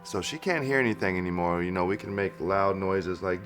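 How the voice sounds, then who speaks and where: Friendly low-voiced dog owner. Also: male voice, brisk, hardly any pauses, faint music behind. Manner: friendly, relaxed, chuckles. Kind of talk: documentary interview.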